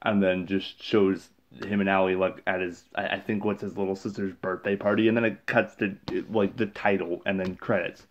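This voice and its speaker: A man's voice: low voice, little pitch movement, moderate pace, hardly any pauses, dull audio. A man casually recapping a movie in a rambling, exasperated, sarcastic way, full of fillers. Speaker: movie reviewer.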